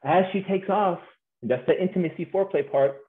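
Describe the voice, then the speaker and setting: A man giving a humorous conference talk on marriage, animated and playful, acting out voices and laughing often. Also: sits high, brisk. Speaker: speaker on marriage. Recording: tinny phone-like sound in an echoey room.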